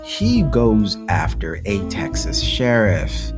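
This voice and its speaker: Animated, chatty podcast co-host. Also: low-pitched, takes it slowly, over music. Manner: animated, chatty, many "you know"s, laughs often. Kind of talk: casual storytelling chat.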